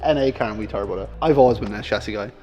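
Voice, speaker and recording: A man's voice: on the low side, rapid-fire, highs cut off, slight background noise. Laughing, teasing Irish man. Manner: joking, teasing, laughs often. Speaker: car collector guest. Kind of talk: casual chat. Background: music.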